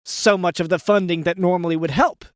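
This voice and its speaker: A man's voice: sits high, fairly even intonation, brisk, no room sound. Guy playing straight-faced interviewer on comedy podcast, hesitant, dry close mic. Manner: mock-earnest, hesitant interviewer. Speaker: podcast co-host asking questions. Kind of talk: improvised comedy chat.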